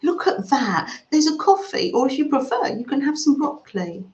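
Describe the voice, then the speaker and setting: Livestream host: woman, higher voice, unhurried and cooing, recorded a little dull in an echoey room. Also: sing-song. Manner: gentle, chatty, cooing and murmuring. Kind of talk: casual chat reading live comments.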